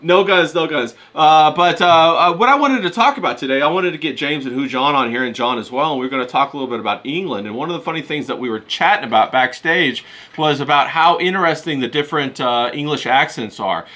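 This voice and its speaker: A man's voice: fairly high pitch, a little fast, pushed and bright. A man hosting a casual chat on a video call, asking curious questions of his guests. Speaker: host.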